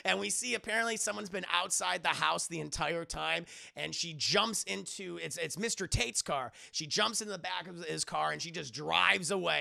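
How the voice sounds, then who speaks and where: A young man rattles through a movie plot for his live chat, cursing freely and jumping into quick voices for every character. His voice sits high with a heavy gravelly rasp and a bright, sharp edge. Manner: rambling, profane, acts out characters in quick voices. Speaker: streamer reviewing a movie.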